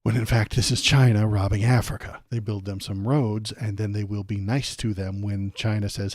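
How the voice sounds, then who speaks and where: A man with a lowish voice hosts a political livestream and rants over clips. He sounds sarcastic and mocking, and swears freely. The recording is dry and close. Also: level tone, normal speed, hardly any pauses, darkish tone, no echo. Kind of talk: casual ranting commentary over clips.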